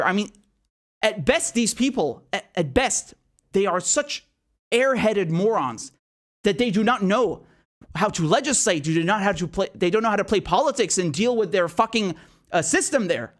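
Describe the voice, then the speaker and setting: A man hosting a political commentary show, ranting in outrage with rapid rhetorical questions and frequent swearing. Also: sits high, expressive. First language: not American.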